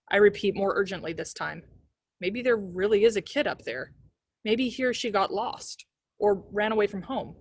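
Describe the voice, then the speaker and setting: Lady librarian reading a spooky book out loud, expressive, dry close mic. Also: medium pitch, normal speed, breathy edge, no echo. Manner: expressive first-person storytelling. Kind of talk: reading a novel aloud.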